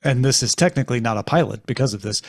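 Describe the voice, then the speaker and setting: A man's voice: mid-range voice, expressive, fast talker. A man hosting a casual TV discussion podcast, talking animatedly with playful jumps in his voice. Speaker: podcast host. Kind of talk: casual chat.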